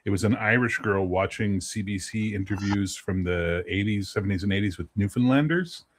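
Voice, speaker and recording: A man's voice: fairly low pitch, moderate pace, a little hiss or hum. A man co-hosting a casual chat, emphatic and profane, telling stories with energy. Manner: emphatic, profane, lively storyteller. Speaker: podcast co-host.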